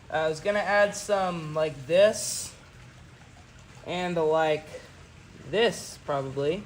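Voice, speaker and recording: A man's voice: high-pitched, noisy background. A young man narrating a livestream as he builds a rocket at home, talking casually with many fillers and restarts. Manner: rambling, full of "you know" fillers and restarts.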